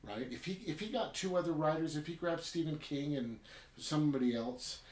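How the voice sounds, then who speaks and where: A man's voice: on the high side, lively intonation, moderate pace. A man hosting a podcast, casually retelling a short story and then reviewing it in a rambling way, often tacking on "right?". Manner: chatty, rambling, keeps adding "right?". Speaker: podcast host. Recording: roomy echo.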